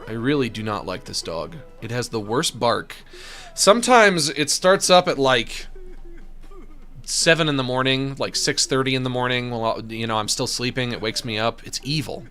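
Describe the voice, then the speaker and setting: A young man chatting through a video game, his pitch leaping all over as he jokes and rants. His tone is sarcastic and playful, casual commentary over faint game music. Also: bright, forceful tone. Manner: sarcastic, joking, reads game text aloud in silly voices. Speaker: streamer playing a game.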